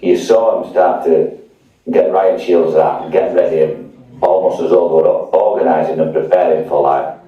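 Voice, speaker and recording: A man's voice: sits low, fairly even intonation, normal speed. A man thoughtfully recalling what he saw, in a personal account. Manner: reflective recollection. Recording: dull, echoey sound from far off.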